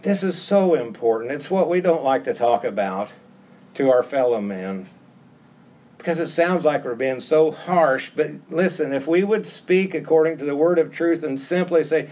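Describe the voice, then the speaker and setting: A man's voice: on the high side, lively intonation, moderate pace, a little mellow. A middle-aged man preaching a sermon with an emphatic, repetitive cadence that rises on key phrases.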